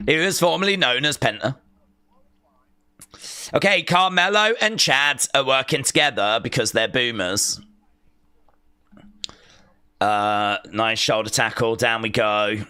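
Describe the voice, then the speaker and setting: A man streaming a live watch-along, giving excitable, chatty commentary with mock outrage. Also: medium pitch, a little slow, long pauses, smooth.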